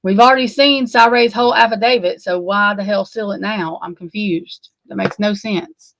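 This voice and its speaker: A woman's voice: medium pitch, fairly even intonation, normal speed, gravelly, a bit bright, dry recording. A woman hosting a casual true crime livestream, sleepy and yawning, rambling and swearing in exasperation as she talks to her chat. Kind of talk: casual live commentary.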